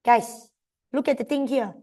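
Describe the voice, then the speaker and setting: A woman with a Malaysian English accent tutoring a history revision class, chatty and animated, quizzing her students. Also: high voice, unhurried. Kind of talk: exam revision lesson.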